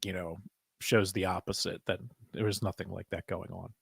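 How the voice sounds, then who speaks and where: A man co-hosting a casual chat show, slightly hoarse, telling animated stories and laughing often. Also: deep voice, moderate pace, no echo, studio quality. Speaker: podcast co-host.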